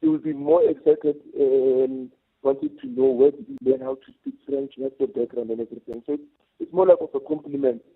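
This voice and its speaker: A husky, gravelly man calls in over a tinny phone line. He speaks haltingly, trailing off and restarting, and his pitch swings widely as he argues his point. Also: sing-song. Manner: halting, hesitant with fillers and restarts. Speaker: caller. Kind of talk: opinionated call-in.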